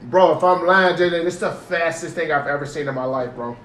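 An animated young man, telling a story to friends with swearing and constant emphatic repetition. He sits back from the mic in an echoey room with faint noise behind him. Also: on the high side, brisk, far from the mic. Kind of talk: casual storytelling among friends.

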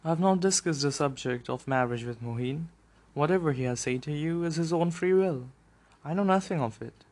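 A man reading a novel aloud, voicing a gentle middle-aged aunt who pleads earnestly. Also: on the high side, moderate pace, natural voice. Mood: pleading.

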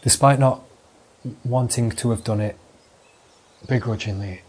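A man's voice: medium pitch, steady tone, unhurried, darkish tone, slight background noise. A young British man hosting his own podcast, telling a long, sweary anecdote in a loose, rambling way. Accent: British English. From Britain. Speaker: podcast host. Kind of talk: solo rambling storytelling monologue.

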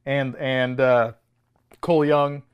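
A man's voice: medium pitch, slow, clean tone, highs cut off. A man co-hosting a film podcast, mocking movie dialogue with frequent laughter. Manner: mocking, laughs often, quotes lines in a flat dramatic voice. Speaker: podcast co-host. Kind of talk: casual film-review banter.

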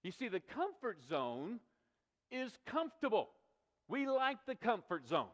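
A man's voice: sits high, very animated, a little slow, muffled recording. A male pastor preaching a sermon, emphatic and repetitive, asking rhetorical questions of his congregation. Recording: long reverb of a large hall.

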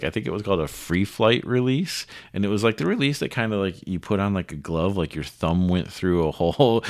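Deep-voiced man telling a story. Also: a bit bright. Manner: chuckles often while telling a story; loose, rambling delivery with many fillers. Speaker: podcast host. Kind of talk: casual podcast storytelling.

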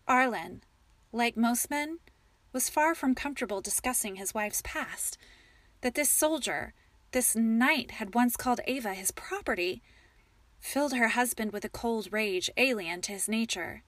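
A woman narrating a story in a calm, measured storytelling manner. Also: on the high side, no room sound. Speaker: audiobook narrator.

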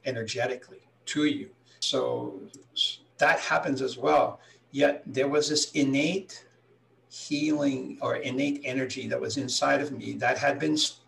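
A gravelly-voiced man in his sixties from Hawaii talks calmly and reflectively as an interview guest. His voice sounds a little distant from the mic, with faint background noise. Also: mid-range voice. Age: 60s. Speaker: guest, healer. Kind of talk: storytelling interview answers.

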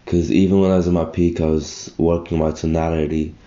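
A man's voice: low-pitched, flat delivery, fairly quick, mellow, lo-fi sound. A young man just out of bed, rambling and correcting himself in a casual solo podcast. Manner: rambling, self-correcting, thinking aloud. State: just woken up, tired.

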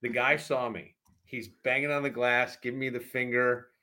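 A man and former radio host telling stories in casual chat, animated and acting out voices. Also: mid-range voice, normal speed. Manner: animated storyteller who acts out voices.

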